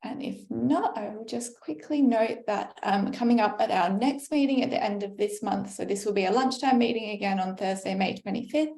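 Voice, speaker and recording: Gravelly-voiced woman hosting a call. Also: medium pitch, a little mellow. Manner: friendly, brisk, lots of "um". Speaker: meeting host. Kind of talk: online meeting moderation. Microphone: video call. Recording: echoey room on a call.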